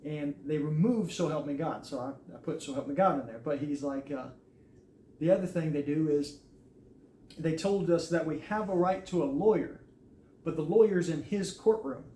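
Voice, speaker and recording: A man's voice: fairly high pitch, normal speed, warm tone. Earnest man in an echoey room. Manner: earnest, recounts events with quoted dialogue. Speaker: army veteran telling his story. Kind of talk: casual storytelling. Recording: echoey room with faint noise.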